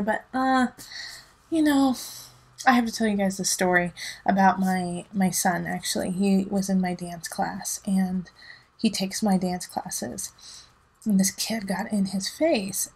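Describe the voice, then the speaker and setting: A woman, a tarot reader and mother, chatting casually and rambling as she gives a reading, laughing often. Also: medium pitch. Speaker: dance teacher and mother.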